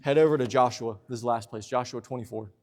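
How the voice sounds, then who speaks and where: A young man preaching a sermon in a church, lively and talkative, slipping into playful asides. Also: medium pitch, fast talker. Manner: lively preaching, acts out husband and wife exchanges in asides. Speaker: pastor. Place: church sanctuary.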